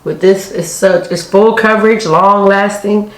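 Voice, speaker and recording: A woman's voice: medium pitch, fairly even intonation, a little slow. A young woman who is an Army officer, chatting casually and talkatively while doing her makeup. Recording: echoey room.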